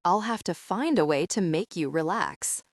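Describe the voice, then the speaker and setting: A gruff young man with a teasing, lively delivery, as a woman narrator reads him. His voice sits low for a woman and moves widely in pitch. The sound is close and dry. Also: moderate pace, no room sound.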